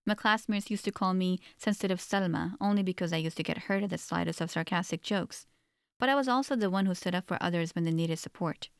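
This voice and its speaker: A woman reads a first-person novel aloud in an earnest, reflective manner. Her voice sits fairly low, and the recording is dry and close with no room sound. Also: smooth, dry recording. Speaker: audiobook narrator. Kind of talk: first-person audiobook narration.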